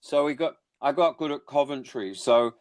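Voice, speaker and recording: A man's voice: mid-range voice, normal speed, a little mellow, no room sound. A man, born in England, chatting as a musician guest with rambling, self-deprecating humor. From born in England, raised in Australia. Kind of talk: casual interview chat.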